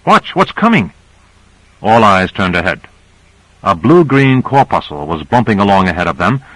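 A man narrating an audiobook in a measured storytelling manner. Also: sits low, fairly bright tone, no echo, rough recording.

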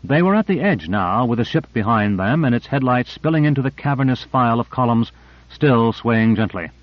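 A man's voice: medium pitch, dry recording. Male audiobook narrator, dull dry sound. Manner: measured, even reading.

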